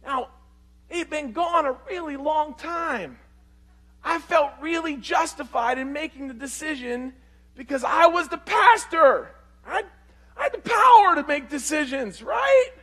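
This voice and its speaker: Male pastor with a high-pitched voice, preaching through a story with lively swings from loud to quiet. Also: measured pace. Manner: animated, swings between loud and hushed. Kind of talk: storytelling sermon.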